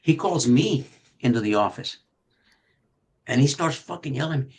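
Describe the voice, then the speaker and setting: Older man, retired detective, profane storyteller, animated, acts out yelling. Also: fairly high pitch, moderate pace, rough recording. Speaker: retired detective telling police stories. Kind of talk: storytelling on a podcast.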